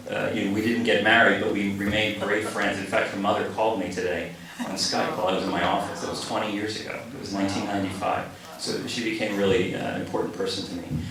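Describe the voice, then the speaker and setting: Gravelly low-voiced man telling stories in an echoey cafe. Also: slight background noise. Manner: relaxed storyteller who acts out quoted lines. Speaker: poet. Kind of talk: poetry reading with spoken anecdote. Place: cafe reading room. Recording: echoey room from a distant mic.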